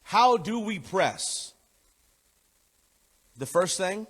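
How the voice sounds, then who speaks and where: A man preaching in a fairly high voice, hammering home his points with repeated phrases and at times easing into a low, gentle appeal. His voice rings through a long reverb, as if filling a large hall. He switches between reading scripture and speaking straight to the congregation. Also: lively intonation, takes it slowly, pauses often. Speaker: pastor. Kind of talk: sermon. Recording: echoey hall.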